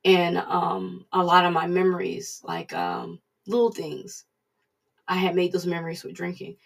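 Casual devotional preacher, raspy and a bit breathy, distant mic, repeats lines for emphasis. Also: medium pitch, little pitch movement, unhurried. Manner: conversational, repeats points for emphasis.

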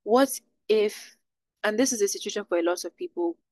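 A woman's voice: medium pitch, moderate pace, darkish tone, no room sound. A woman moderating a live session, asking a long question and rephrasing it as she thinks aloud.

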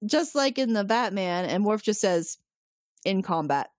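A woman's voice: medium pitch, moderate pace, no echo, studio quality. A woman co-hosting a podcast, casually recapping a TV episode and acting out the characters' lines with laughs. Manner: animated retelling, acts out lines with laughs. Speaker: podcast co-host.

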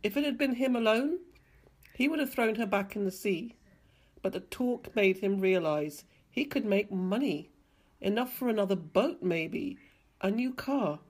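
A woman reading a novel excerpt aloud with expressive narration. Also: mid-range voice, measured pace. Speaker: reader. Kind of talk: audiobook reading.

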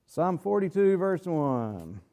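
A man leading a Bible study, reading scripture aloud in a measured way and slowing down sharply to stress key phrases. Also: on the high side, sing-song, warm tone. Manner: earnest, slows down hard to stress key phrases. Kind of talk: sermon-style Bible teaching.

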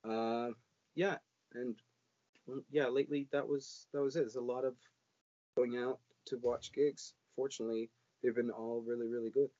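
A man's voice: mid-range voice, steady tone, normal speed, warm tone, no echo. A man co-hosting a podcast in casual chat, rambling with many fillers and restarts. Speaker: podcast co-host. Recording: dull lo-fi audio.

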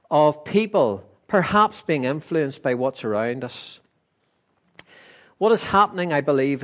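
Male pastor, slightly high voice, emphatic, chatty sermon delivery. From Northern Ireland. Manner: conversational, emphatic preaching with asides.

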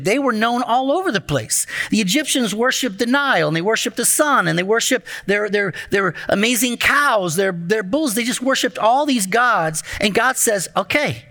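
A man preaching as a pastor, telling a Bible story with lively acted-out lines and speaking directly to the children in the congregation. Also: a little high. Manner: animated, acts out the story voices, talks to the children. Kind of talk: sermon storytelling.

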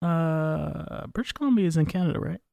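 A man's voice: on the high side, lively intonation, brisk, gravelly, dark tone, dry recording. Man, casual rambling chat, profane, opinionated, dead dry recording.

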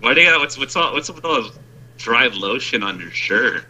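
A man's voice: medium pitch, lively intonation, brisk, sharp tone. A man in casual chat, teasing his friend with dry wisecracks.

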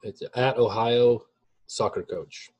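Brief: male soccer coach co-hosting a podcast, husky voice, raspy laugh, relaxed joking tone. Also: medium pitch, takes it slowly, dull audio. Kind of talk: casual podcast chat.

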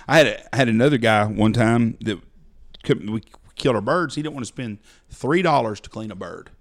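Man, middle-aged outfitter, folksy and blunt, mid-pitched voice, acts out clients' lines in casual podcast chat. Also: moderate pace, long pauses. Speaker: hunting outfitter, podcast co-host.

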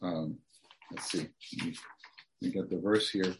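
A man's voice: low voice, steady tone, normal speed, a little hiss or hum. Earnest male preacher reading sermon notes. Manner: reads outline points aloud, then expounds earnestly to the congregation.

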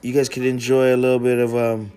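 A man's voice: medium pitch, monotone, brisk, dark tone, faint music behind. A man hosting a casual podcast chat, laid-back and slangy, swearing freely. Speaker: podcast host.

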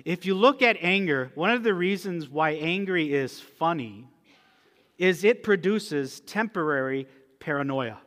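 A man's voice: a little high, lively intonation, a little slow, fairly bright tone. Conversational male pastor in a reverberant hall. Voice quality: conversational, emphatic teaching. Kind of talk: sermon. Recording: long reverb of a church hall.

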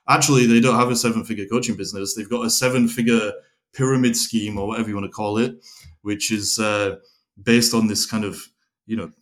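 A man's voice: on the low side, fairly even intonation, quick pace. A man hosting a podcast who also works as a coach, speaking bluntly and thoughtfully, now and then swearing. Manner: blunt, reflective, occasional swearing. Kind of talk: casual podcast conversation.

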